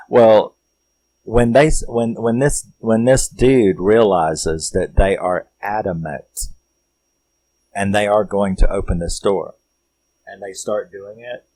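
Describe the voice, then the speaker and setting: A man's voice: low voice, darkish tone, no echo, poor audio. A man casually recapping a horror movie, rambling and swearing as he tells the story. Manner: rambling, profane, laid-back storytelling. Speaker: film reviewer.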